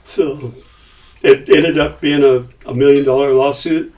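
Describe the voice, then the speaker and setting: A man's voice: medium pitch, a little slow, far from the mic. An older man, a podcast guest, telling a long story in a casual way and acting out the quoted lines. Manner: lively, acts out quotes in his stories.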